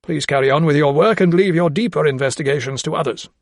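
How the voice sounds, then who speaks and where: A man voicing a stern, solemn old gentleman. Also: animated, normal speed, creaky, dry recording, studio quality. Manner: emphatic, formal and raised in pitch. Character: solemn, guarded elderly gentleman of science.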